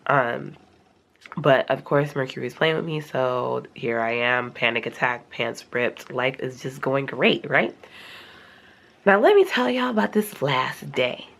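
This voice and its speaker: A young woman telling a casual storytime, acting out her own reactions in a high, animated voice. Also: unhurried, creaky. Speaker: vlogger.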